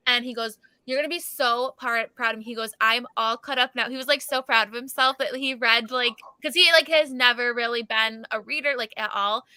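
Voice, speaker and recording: Chatty, bright young woman host. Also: on the high side, steady tone, a little fast, few pauses, smooth, no room sound, clean studio sound. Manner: chatty, many "like" fillers, laughs often. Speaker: livestream host. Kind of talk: casual chat.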